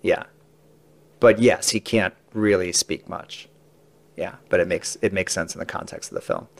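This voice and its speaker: A man's voice: deep voice, moderate pace, gravelly. A man on a podcast telling entertainment interview stories in a casual chat, acting out the quotes. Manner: animated anecdotes acting out quotes.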